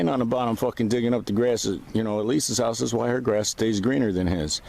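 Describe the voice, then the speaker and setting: A man's voice: medium pitch, quick pace, creaky, few pauses, a little mellow, slight background noise. A man ranting to camera in a vlog, rambling, profane and agitated. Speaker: vlogger. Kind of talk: casual rant to camera.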